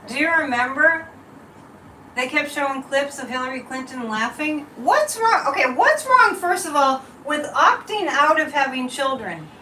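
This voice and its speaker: A channel host and psychic, her high voice pushed and bright at a normal pace, chats casually with her livestream audience while reading cards and tea leaves. The recording is distant and roomy, with a little hiss or hum.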